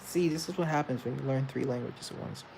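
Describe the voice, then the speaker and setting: A man's voice: mid-range voice, gravelly, darkish tone, slight background noise. A young man with a mixed English accent chatting casually to viewers in a rambling way, often correcting himself mid-sentence. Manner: rambling, self-correcting, quick asides. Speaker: host.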